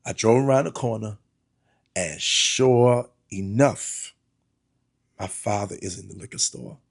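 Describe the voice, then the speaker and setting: Middle-aged man, pastor, personal testimony, gravelly, breathy edge, earnest, repeats himself. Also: fairly low pitch, measured pace. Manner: earnest, restarts and repeats words, addresses listeners as y'all.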